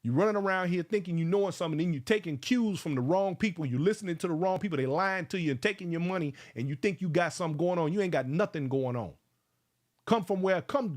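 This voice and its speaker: A man of about fifty hosting a casual livestream, fired up and preachy, calling out viewers by name. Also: fairly high pitch. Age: around 50. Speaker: livestream host.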